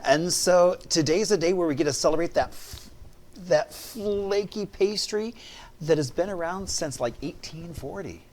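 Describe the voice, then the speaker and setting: A man's voice: a little high, unhurried, darkish tone. A man co-hosting a morning show, chatting playfully and laughing often. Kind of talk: casual chat. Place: TV studio.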